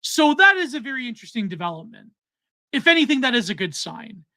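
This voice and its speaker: Male podcast host from Canada, rambling and hesitant, bright tone, dry close mic. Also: extremely high pitch, big pitch swings, fast, dry recording. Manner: rambling, filler-heavy, trailing off. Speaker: podcast host reading donations. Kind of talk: casual chat.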